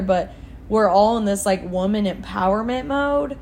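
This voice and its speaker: A young woman with an ordinary mid-range voice talks through celebrity gossip with a friend. She's chatty and animated in her storytelling, with a faint hiss under the recording. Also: medium pitch, normal speed. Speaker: podcast co-host. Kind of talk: casual chat.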